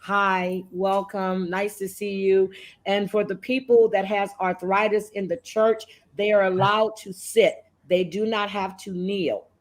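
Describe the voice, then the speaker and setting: A woman's voice: mid-range voice, steady tone, unhurried. A middle-aged woman moderating a livestream chat, telling stories and laughing at her own jokes.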